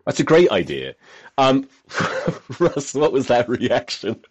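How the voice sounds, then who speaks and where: A man's voice: medium pitch, big pitch swings, takes it slowly. A man hosting a podcast, telling rambling, self-mocking stories in casual chat and swearing freely. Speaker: podcast host.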